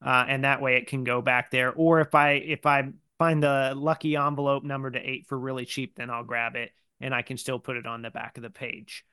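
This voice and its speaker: A man hosting a podcast, talking in a relaxed, conversational way with frequent fillers. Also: mid-range voice, fairly quick, hardly any pauses, clear, resonant tone, no room sound, studio quality. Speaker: podcast host. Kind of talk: casual podcast chat.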